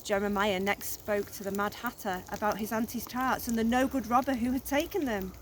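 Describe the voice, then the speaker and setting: A woman teacher reading a children's story aloud, gently and expressively, outdoors on a snowy walk into a phone camera. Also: fairly high pitch, fairly even intonation, a little fast, a little hiss or hum.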